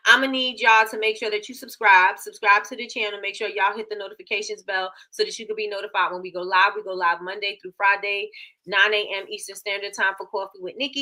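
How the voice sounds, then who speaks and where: A woman with a bright, forceful, mid-range voice runs a casual live business show. Chatty by nature, she reads statistics aloud and keeps repeating phrases.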